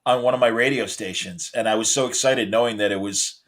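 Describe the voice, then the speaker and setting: A man with a low voice joins a relaxed podcast conversation, dropping in short remarks and questions. He speaks quickly, with the words tumbling out fast. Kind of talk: casual chat.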